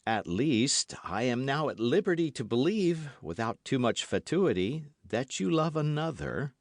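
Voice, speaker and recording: Narrator doing a gallant young swordsman, eager and earnest, higher than his normal voice, lively. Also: unhurried, no echo, clean studio sound. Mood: ardent.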